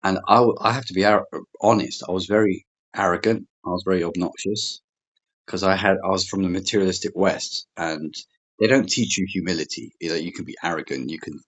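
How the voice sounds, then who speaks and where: A middle-aged man, a relationships coach and interview guest, telling a personal story in an animated way, repeating words and quoting people. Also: low voice, brisk, dull audio.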